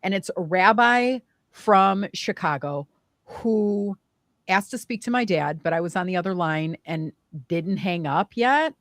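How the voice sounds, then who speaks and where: A woman recounts a hard chapter of her own life in a chat, her voice at a middle pitch. She talks with feeling, leaning on fillers and asking "right?" as she goes. The sound is dry and close. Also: a little slow, dry recording. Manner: emotional, animated, many fillers like "like" and "right?". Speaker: guest. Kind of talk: personal storytelling in conversation.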